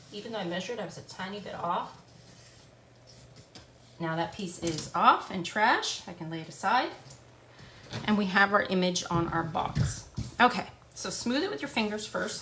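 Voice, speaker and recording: A woman's voice: medium pitch, a bit bright. Chatty Canadian woman teaching a craft. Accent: English Canadian. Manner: chatty, talks through each step while working. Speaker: furniture painting demonstrator. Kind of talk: live craft tutorial. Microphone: camera on a stand. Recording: echoey room with background noise.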